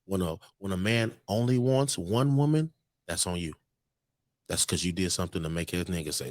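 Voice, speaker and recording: Deep-voiced blunt man giving advice. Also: normal speed. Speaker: podcast co-host. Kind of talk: casual chat. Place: bar on location.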